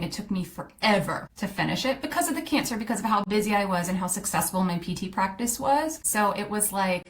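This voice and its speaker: Chatty woman telling her story. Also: medium pitch. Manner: chatty, candid, fillers and quick self-quotes. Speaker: podcast host, coach. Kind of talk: casual personal storytelling.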